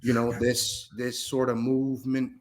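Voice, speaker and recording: A man playing a grandiose, rambling mystic who muses slowly and solemnly in a comedy sketch. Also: mid-range voice, monotone, a loud crowd, natural voice. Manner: slow, solemn pseudo-scientific musing, drawn-out pauses. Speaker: guest in a parody interview.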